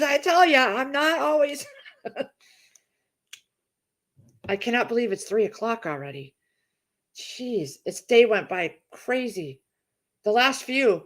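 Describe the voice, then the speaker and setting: A middle-aged woman hosts a casual livestream, chatting warmly with her viewers. She reads out their comments and gushes over them, rambling from one thought to the next. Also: medium pitch. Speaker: livestream host.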